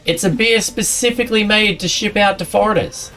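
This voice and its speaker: A man's voice: sits high, brisk, bright, forceful tone, distant mic, faint music behind. A man streaming a game, chatting casually with his viewers and a friend, often laughing and rambling. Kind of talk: casual live-stream chat while gaming.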